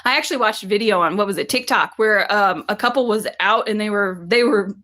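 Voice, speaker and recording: A woman's voice: medium pitch, brisk, a bit bright. A woman who grew up in Virginia, co-hosting a casual livestream, reading viewer comments aloud and laughing often. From Virginia, USA. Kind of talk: casual chat.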